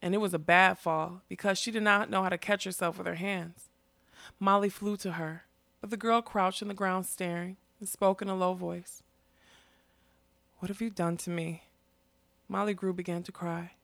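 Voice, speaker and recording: A woman's voice: mid-range voice, fairly even intonation, normal speed, creaky, a bit bright, no echo. Woman narrating a fantasy audiobook. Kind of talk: scripted storybook narration.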